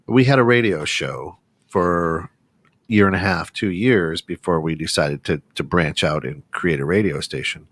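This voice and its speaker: A man's voice: sits low, a bit bright. A man hosting a casual radio talk show, telling a long story in a loose, rambling way with many restarts. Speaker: radio station owner and co-host. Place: small radio studio.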